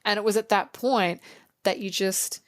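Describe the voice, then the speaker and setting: A woman co-hosting a podcast, chatting casually about a movie and acting out quoted lines with animated energy. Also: mid-range voice, moderate pace, no room sound, clean studio sound. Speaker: podcast co-host. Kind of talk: casual movie review chat.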